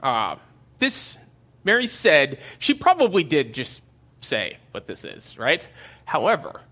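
A man's voice: fairly high pitch, huge pitch swings, slow, bright, forceful tone. A man giving a casual Bible teaching in a conversational way, with many fillers and asides.

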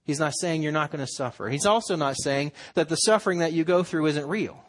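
A man preaches in a voice that sits a little above the usual male range. He talks to his congregation in an earnest, conversational way. He often breaks into quick acted-out quotes. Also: on the high side. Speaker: pastor. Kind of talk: sermon.

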